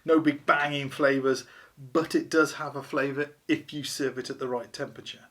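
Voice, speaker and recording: A man's voice: mid-range voice, fairly even intonation, moderate pace, a bit bright. A man hosting a casual beer review vlog, chatty and wry, poking fun at himself. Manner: chatty, wry, self-deprecating.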